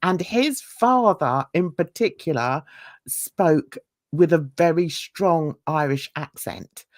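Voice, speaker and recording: Older woman host, chatty and unhurried, slightly low voice, dry close sound, rambling with laughs. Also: animated, dry recording. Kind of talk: casual livestream chat.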